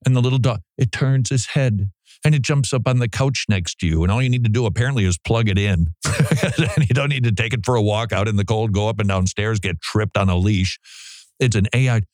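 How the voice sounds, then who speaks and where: A man's voice: lowish voice, fairly quick, darkish tone, dry recording. A man hosting a radio show from a studio, talking casually, joking and laughing often. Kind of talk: casual talk-radio monologue. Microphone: studio mic.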